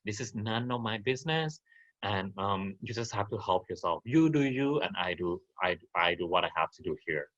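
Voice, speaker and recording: A man's voice: lively intonation, moderate pace, a bit bright, lo-fi sound. A man voicing a vain, proud cow who haughtily refuses to help, in a storybook telling. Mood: haughty. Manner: haughty, lowered voice.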